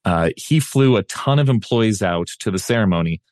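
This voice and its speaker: Low-voiced easygoing man, wry chat. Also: expressive, normal speed, darkish tone, no room sound, studio quality. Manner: easygoing, hesitant restarts, wry. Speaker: podcast co-host. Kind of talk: casual chat.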